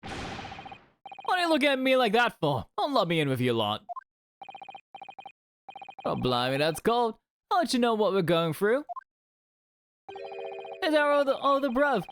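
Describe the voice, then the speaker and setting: A streamer voicing a pair of cocky criminal brothers from a game, with slangy, drawn-out speech. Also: mid-range voice, sing-song, fairly bright tone, a little hiss or hum, pitched above the performer's own voice. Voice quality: gruff put-on Cockney slang, drawn out. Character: rough lowlife cockney criminal brothers, cocky. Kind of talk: reading game dialogue aloud in voices.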